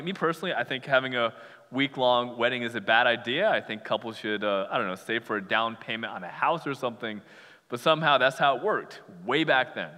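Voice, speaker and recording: A man's voice: medium pitch, sharp tone. A man preaching a sermon in a casual, joking way, acting out imagined voices. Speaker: pastor. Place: church sanctuary. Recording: long reverb of a large hall.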